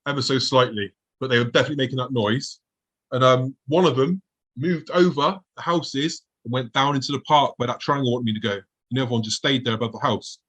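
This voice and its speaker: A man's voice: mid-range voice, a little fast, fairly bright tone, husky. A man, a podcast guest telling an earnest, vivid story of his own experiences. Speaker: guest recounting UFO encounters. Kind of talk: personal storytelling.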